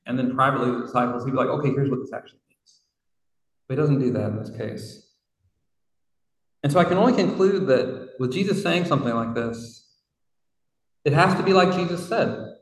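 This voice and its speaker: A man preaching a sermon in a reflective, conversational way, with casual asides. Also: medium pitch. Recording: roomy hall from far off.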